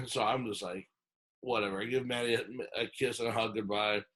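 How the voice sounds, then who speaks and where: A man's voice: medium pitch, normal speed, breathy edge. A man on a podcast telling a long story in a casual, rambling way, acting out the lines he quotes and full of fillers and restarts. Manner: animated retelling, acts out quoted lines.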